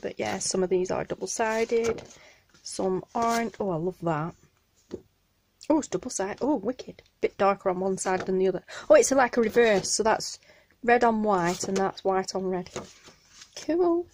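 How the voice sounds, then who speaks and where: A woman with a Northern English accent chatting excitedly as she unboxes craft mail in her home craft room, gushing over each item and apologizing for the noise. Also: mid-range voice, normal speed. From Northern England. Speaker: craft channel host. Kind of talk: casual unboxing vlog. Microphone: camera on a tripod.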